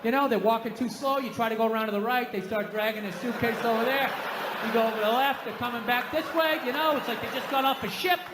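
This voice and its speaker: A man doing a stand-up set with a high voice, launching into animated, exasperated rants. His voice rings off the walls of a large hall with a long echo, and the audience murmurs faintly behind him. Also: fast talker. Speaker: stand-up comedian. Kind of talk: stand-up routine. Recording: echoey hall, faint crowd noise.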